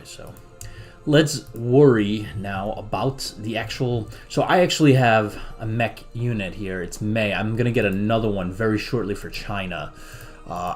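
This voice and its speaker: A man giving casual commentary while playing a strategy game, thinking aloud and muttering to himself. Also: on the low side.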